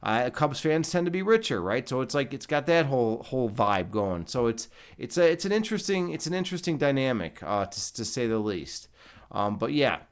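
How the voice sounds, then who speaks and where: A man hosts a livestream and talks casually to his chat. He rambles loosely and swears freely, in a mid-pitched, ordinary voice. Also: big pitch swings, a little fast, clean tone. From Chicago. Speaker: livestream host. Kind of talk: casual chat reading live comments.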